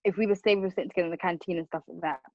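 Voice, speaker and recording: A young Rwandan woman who addresses racism recounts personal experiences in casual, earnest talk, circling back and repeating herself. Her lowish, steady, slightly mellow voice goes very fast. The recording has no echo and its highs are cut off.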